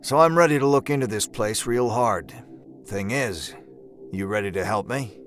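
A man's voice: lowish voice, moderate pace, fairly bright tone, soft background music. A man narrating an audio drama in the first person, with a folksy old-timey drawl and a laid-back, wry manner.

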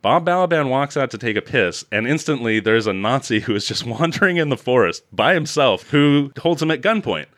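Guy on a podcast roasting a movie, super animated voice, cusses a lot, dry mic. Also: mid-range voice, a little fast, hardly any pauses, no room sound. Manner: sarcastic, swears freely, laughs often. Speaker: podcast co-host. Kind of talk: casual movie review chat.

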